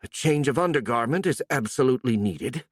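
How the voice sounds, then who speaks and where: Brief: storybook monster queen, smug and easily startled, voiced by a man, lifted pitch, dry studio sound. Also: lively intonation, brisk, no echo, lightly acted. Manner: smug, then easily surprised.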